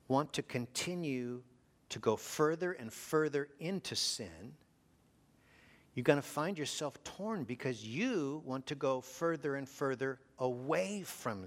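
A man preaching a sermon, asking his congregation rhetorical questions and dropping to a hush for emphasis. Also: mid-range voice. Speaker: pastor.

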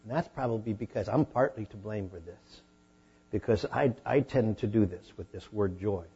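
A man preaching a sermon as a pastor, teaching a Bible passage in a conversational way and rising to animated emphasis at times. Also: fairly low pitch, normal speed, breathy edge, dull audio.

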